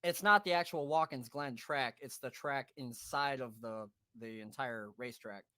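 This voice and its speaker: Animated, bright-voiced man telling a wild story. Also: medium pitch, moderate pace, dry recording. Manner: animated, swearing, laughing, acting out friends' voices. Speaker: podcast host. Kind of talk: casual storytelling.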